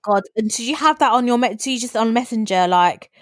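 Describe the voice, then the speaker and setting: A woman in casual chat with a fairly high voice, recorded dry and close. She reacts sympathetically and backs up her friend. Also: brisk, dry recording. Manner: sympathetic, supportive listener.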